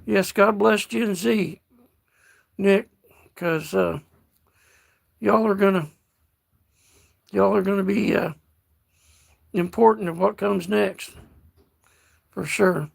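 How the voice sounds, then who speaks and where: Slow gravelly older man, folksy. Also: high voice, fairly even intonation. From United States. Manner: slow, folksy, calls viewers darling. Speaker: livestream host reading chat. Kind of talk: casual livestream chat.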